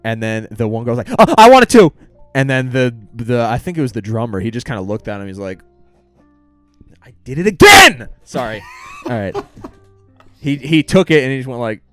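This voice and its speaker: A man's voice: medium pitch, brisk, smooth, dry recording, faint music behind. A young man co-hosting a podcast, telling a story in casual chat, swearing freely and acting out what people said. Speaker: podcast co-host.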